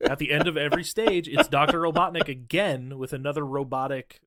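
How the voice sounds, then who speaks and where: A man's voice: a little high, steady tone, fairly bright tone, dry recording, studio quality. A man co-hosting a podcast, recapping a horror movie in casual, profane, sardonic chat. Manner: profane, sardonic recapping with quick voices for characters. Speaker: podcast co-host.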